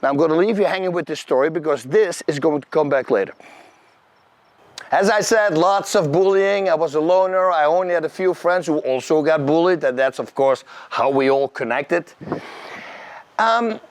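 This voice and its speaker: A middle-aged man with a Dutch accent, telling his personal story to camera in an animated, emphatic, slangy way. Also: on the high side, moderate pace, dry recording. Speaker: host.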